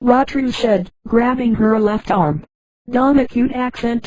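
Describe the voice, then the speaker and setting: A woman's synthetic voice narrating a sci-fi story in an even, flat reading that reads punctuation marks aloud. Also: on the high side, a little slow, no echo, poor audio.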